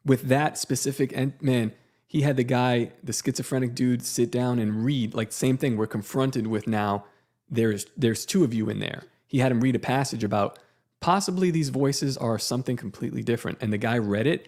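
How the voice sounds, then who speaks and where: Young guy, casual storyteller, middle pitch, quotes people as he goes. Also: normal speed, a little mellow. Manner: storytelling, acts out quotes, fillers like "like" and "dude". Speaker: podcast co-host. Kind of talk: casual chat.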